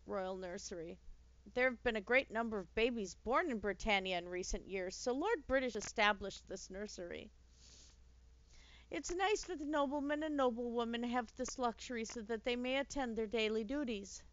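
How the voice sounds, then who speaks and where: A woman voicing a sweet elderly working-class nanny who talks gently in old-fashioned speech, with a touch of bitterness. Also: on the high side, moderate pace, natural voice. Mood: gentle. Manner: gently chatty, archaic speech, mildly bitter. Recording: dull lo-fi dry recording.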